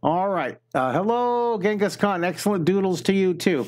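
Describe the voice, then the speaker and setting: Chatty drawing teacher guy on a livestream, bit high voiced, narrates every step. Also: expressive, normal speed. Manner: chatty, upbeat, greets viewers while drawing; talks through each step of a drawing. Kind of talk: live-streamed drawing lesson.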